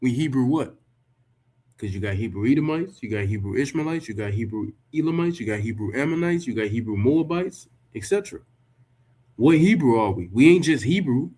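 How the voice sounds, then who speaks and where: A religious commentator speaks briskly in a medium-pitched, dark voice with lively intonation. Reading a written text aloud, he rebuts it emphatically, swearing freely and firing off rhetorical questions.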